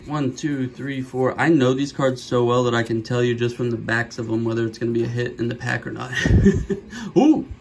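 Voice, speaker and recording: A middle-aged man hosting a card-opening video, chatting casually and joking, with sudden gasps and bursts of excitement. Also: medium pitch, fairly quick, vocal fry, few pauses, slight background noise, low-quality recording. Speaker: card-opening channel host. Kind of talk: casual pack-opening commentary.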